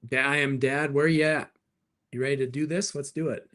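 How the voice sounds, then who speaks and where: Hosting a live stream, a middle-aged car dealer fires back quick, upbeat, jokey replies to viewers' questions. He speaks in a mid-range voice that's a bit bright, with fairly even intonation.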